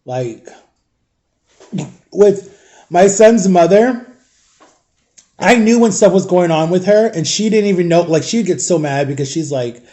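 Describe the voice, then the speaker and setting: Speaking with a high pitch and a dark tone, a young man chats through a rambling personal vlog story, constantly saying "like" and "guys." His intonation is lively, but he talks a little slowly and pauses often.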